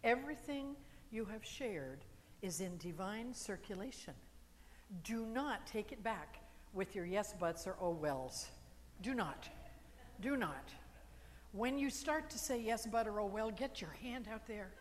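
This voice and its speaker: A woman's voice: mid-range voice, animated, measured pace. A middle-aged woman minister preaching energetically, coaxing her congregation to join in. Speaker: guest minister. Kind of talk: sermon. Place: church hall. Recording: hall reverb with faint room noise.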